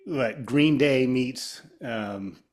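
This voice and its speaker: A man's voice: medium pitch, extremely slow. A middle-aged man from Ohio, a guitarist being interviewed, telling long rambling stories in casual chat and acting out the people he quotes. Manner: rambling, animated, acts out quoted voices. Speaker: guest guitarist.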